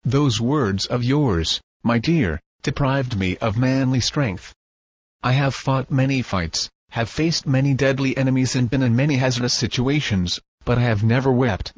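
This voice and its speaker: A man reading the part of a grieving, tender old grandfather in a storybook, husky and solemn. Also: mid-range voice, no echo, close to an everyday voice.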